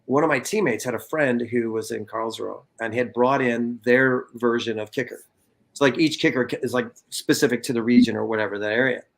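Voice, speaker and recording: Guy in his 50s from california, spinning swear-y stories, even middling pitch. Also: a little fast. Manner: animated, profane, acts out quotes. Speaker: guest, former soccer player. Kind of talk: casual storytelling interview.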